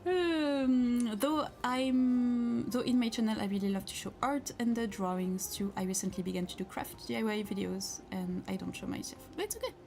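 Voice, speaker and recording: A woman's voice: medium pitch, a little fast, vocal fry, few pauses, darkish tone, slight background noise. Chatty woman hosting a livestream. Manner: chatty, giggly, encouraging. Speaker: craft livestream host. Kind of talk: casual live chat reading comments. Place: home craft space.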